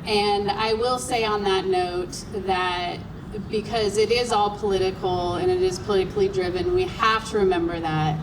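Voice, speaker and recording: A woman answers a question on a live panel in a thoughtful, slightly halting way. She sounds distant from the microphone, and clear background noise runs beneath her voice. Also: mid-range voice. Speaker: panel guest, event co-founder.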